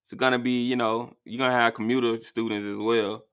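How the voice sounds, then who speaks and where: Bright-voiced man hosting a call-in show. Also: mid-range voice, brisk, clean tone. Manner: relaxed, chatty, asks viewers for likes. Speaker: host.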